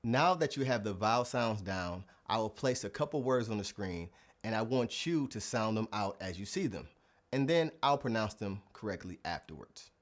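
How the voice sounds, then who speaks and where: A man narrating a language lesson, sounding out example words slowly and deliberately. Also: lowish voice, animated. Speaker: Spanish teacher.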